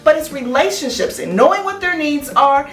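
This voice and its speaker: High, lively woman in an echoey church room. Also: moderate pace. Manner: playful, teasing, animated. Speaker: children's Sabbath school teacher. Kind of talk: casual chat with a child. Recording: echoey room, distant mic, soft music.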